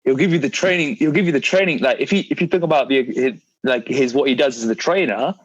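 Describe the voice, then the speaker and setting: A man's voice: medium pitch, quick pace, no echo. A man hosting a fitness podcast, chatting casually and steering the talk with questions. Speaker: podcast host and fitness coach. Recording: dry, slightly muffled audio.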